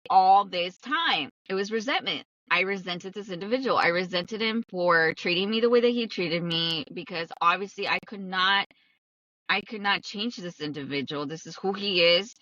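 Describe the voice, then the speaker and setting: A woman's voice: lowish voice, bright, forceful tone, no room sound, far from the mic, highs cut off. A young adult woman hosting a podcast, talking bluntly in a casual monologue, swearing often and repeating herself for emphasis. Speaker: podcast host.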